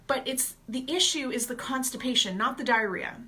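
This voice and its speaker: In a casual vlog with soft background music, a gut health coach talks directly to her viewers at normal speed. She has a bright, forceful voice that sits a little high, and her manner remains lively and talkative.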